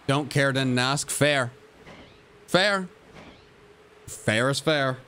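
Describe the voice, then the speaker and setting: A man's voice: medium pitch, very slow, long pauses, a bit bright, clear, resonant tone. A young man livestreaming a game, switching between a hyped, goofy streamer voice and glum, self-mocking mutters to his chat. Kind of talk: casual livestream commentary.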